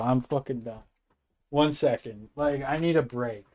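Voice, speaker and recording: A man's voice: medium pitch, normal speed, a little mellow. A young man streaming live, talking casually, frustrated and swearing a lot as he vents about technical trouble.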